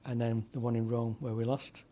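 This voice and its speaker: This is a seventy-something man, a former DJ, spinning his life story for a podcast interviewer. His voice sits in a mellow, dark register at an ordinary pitch. He wanders through anecdotes with fillers and restarts. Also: little pitch movement, a little fast, slight background noise. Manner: rambling anecdotal delivery with frequent fillers and restarts. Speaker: guest, former DJ and broadcaster. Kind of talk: conversational storytelling.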